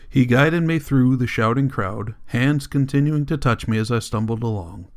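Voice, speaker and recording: A man narrating a novel in an audiobook with a steady, measured reading. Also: medium pitch. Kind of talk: scripted narration.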